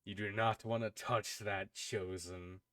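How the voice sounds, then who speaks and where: A man voicing a commanding unseen spirit speaking into a character's head, solemn and slow. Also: fairly low pitch, steady tone, a bit bright, no echo, recorded from a distance, voice pushed down. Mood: warning.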